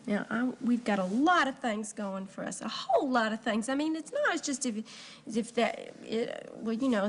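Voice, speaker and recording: An upbeat, devoted young wife from a TV comedy. Her voice is fairly high and swings about a lot. She pours out chirpy, gushing reassurance. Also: fairly bright tone, slight background noise, exaggerated voice.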